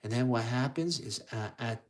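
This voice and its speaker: A man narrates a children's storybook in a casual, rambling way. He often stops and restarts his sentences mid-thought. His voice sits at an ordinary middle pitch. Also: moderate pace. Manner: loose, rambling with many restarts.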